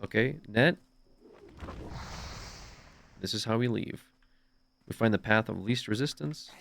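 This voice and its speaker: A male streamer chatting casually while gaming, animated and laughing, sometimes trailing off into quiet asides. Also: lowish voice, a little slow, gravelly.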